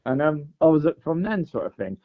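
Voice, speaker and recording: Man, lively storyteller, quick delivery, lots of "mate", dull lo-fi audio. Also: on the high side. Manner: animated storyteller, says "mate" and "like" a lot. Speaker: podcast guest. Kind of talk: casual storytelling.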